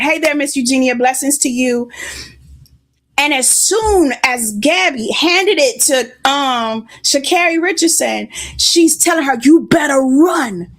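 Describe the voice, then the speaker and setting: High-pitched woman preacher, stuffy nose, chatty sermon delivery. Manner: conversational, greets listeners by name. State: congested.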